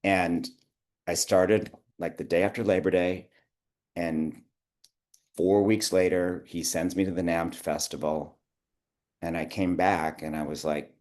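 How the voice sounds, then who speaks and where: Middle-aged male interview guest with a low voice, telling anecdotes and voicing the people in them. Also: fairly even intonation, measured pace, a little mellow. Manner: rambling anecdotes with quoted dialogue and laughs. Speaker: guest, theater producer. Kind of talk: conversational interview storytelling.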